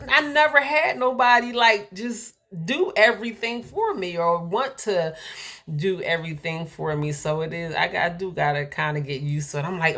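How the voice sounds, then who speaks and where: A woman's voice: mid-range voice, a bit bright. A woman in her forties from the United States, talking earnestly and emphatically to her viewers, her voice climbing when she gets fired up. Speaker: vlogger. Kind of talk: casual encouraging talk to camera.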